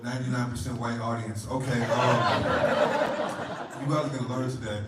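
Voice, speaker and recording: Deadpan man working a club crowd. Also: medium pitch, moderate pace. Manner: deadpan, self-deprecating, teasing the crowd. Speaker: stand-up comedian. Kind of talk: stand-up comedy set. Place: comedy club stage. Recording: echoey club room from a distance, loud noise.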